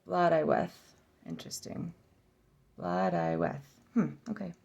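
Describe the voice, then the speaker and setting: Lady doing a chill deck flip-through vlog, super gravelly fry, slow and thinking out loud. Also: lowish voice, huge pitch swings, muffled recording. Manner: sounding out names aloud, self-correcting; musing, giggly asides. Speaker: oracle deck reviewer.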